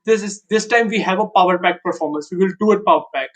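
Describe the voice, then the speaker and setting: A man speaking as a fan guest on a video call, enthusiastic but halting, often repeating himself. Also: high-pitched, low-quality recording. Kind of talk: casual fan chat.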